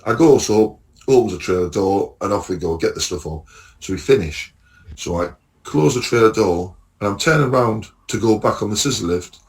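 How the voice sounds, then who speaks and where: A man, a lorry driver chatting casually and telling animated stories, acting out the other people's lines and swearing freely. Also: on the low side, rough recording. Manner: animated storytelling, acts out dialogue, swears freely. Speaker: lorry driver and podcast guest. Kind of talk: casual chat.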